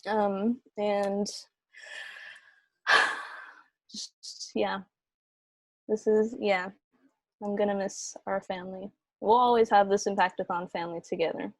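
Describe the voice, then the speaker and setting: A woman facilitator on a video call, giving soft closing remarks and leading a breathing exercise, with many fillers. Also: mid-range voice, fairly even intonation, moderate pace, no echo. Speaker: program facilitator.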